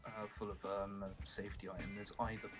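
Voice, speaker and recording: A man's voice: on the low side, flat delivery, brisk. A man giving casual, joking commentary on a game speedrun and explaining its strategy. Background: game music.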